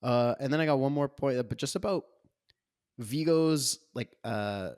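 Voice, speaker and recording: A young man talks casually as a podcast co-host, breaking down a film. He gets animated when he acts out characters' lines. His voice is mid-pitched and recorded close and dry. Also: moderate pace, clear, resonant tone, no room sound.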